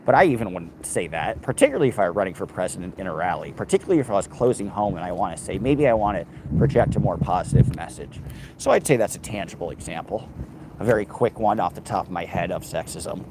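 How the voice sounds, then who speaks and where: A man's voice: sits low, expressive, fast talker. A man live streaming while walking outdoors on a city street, talking in a rambling, sarcastic and profane way into a handheld phone. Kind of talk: casual live stream chat. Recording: street traffic noise behind.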